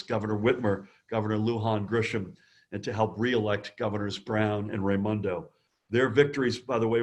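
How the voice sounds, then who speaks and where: Man, political chair, emphatic opening remarks, average pitch, video-call audio. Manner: emphatic, fundraising appeal with repeated calls to action. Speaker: governors association chair. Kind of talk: prepared introductory remarks.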